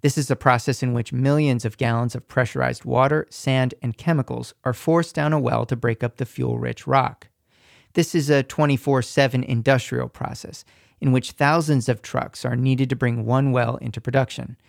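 A man reporting a radio news feature in a measured, scripted narration, recorded at a studio mic. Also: mid-range voice, fairly even intonation, creaky, dry recording.

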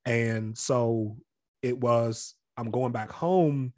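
This is a man talking in a relaxed interview, reflective and candid about his past, with a mid-range voice. He often slips into other people's voices to act out what they said. The recording sounds close and dry. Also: medium pitch, extremely slow, no room sound. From Capitol Heights area near Washington, D.C. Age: adult past college age. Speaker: interview guest. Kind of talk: casual storytelling interview.

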